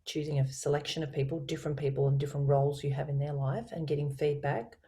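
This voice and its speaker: A woman voice coach speaking as a guest on a video call, explaining communication in an expressive, teacherly way. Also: deep voice, quick pace. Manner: expressive, teacherly, varies her inflection. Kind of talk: explanatory interview talk with spoken tone demonstrations.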